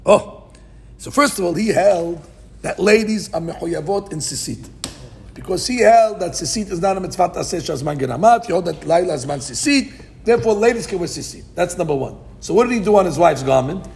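A man's voice: high voice, a little fast, vocal fry, slight background noise. A man teaching a daily Talmud class, reading the Aramaic text and explaining it in English, asking questions and answering them himself. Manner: animated, asks and answers his own questions. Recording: podcast recording of a live class.

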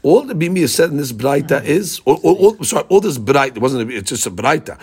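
A man's voice: a little high, sing-song, fast, darkish tone, slightly rough. A man teaching a daily Gemara class, asking rhetorical questions and mixing in Hebrew and Aramaic terms. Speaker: Talmud teacher.

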